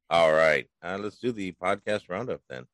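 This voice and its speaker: Deep-voiced, lively male podcast host. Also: no echo. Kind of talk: casual chat.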